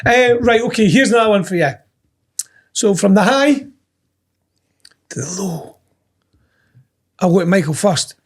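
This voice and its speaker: A man co-hosting a business podcast, telling stories in a casual, animated way and acting out the quotes. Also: high-pitched, a little slow, long pauses, husky. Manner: animated storyteller who acts out quotes. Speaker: podcast co-host. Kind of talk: casual chat.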